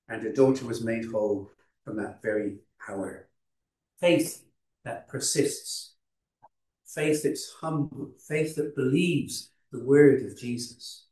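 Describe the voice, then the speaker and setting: A man preaching a sermon, unhurried, with frequent restarts and fillers. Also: medium pitch, fairly even intonation, darkish tone, far from the mic. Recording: roomy hall, voice from off-mic.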